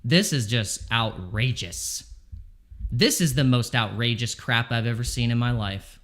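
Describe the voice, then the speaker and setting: Man, trading streamer, anxious, repetitive pleading, bright tense tone, medium pitch. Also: unhurried. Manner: anxious, pleading with the market, repeating himself. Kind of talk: live trading stream commentary. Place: home.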